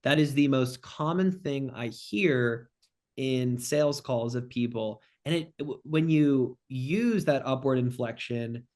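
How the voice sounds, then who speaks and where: A man's voice: mid-range voice, slow pace, a little mellow. A man who is a sales closing expert, chatting as a podcast guest, direct and joking, acting out short phone exchanges as he talks. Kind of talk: casual podcast chat.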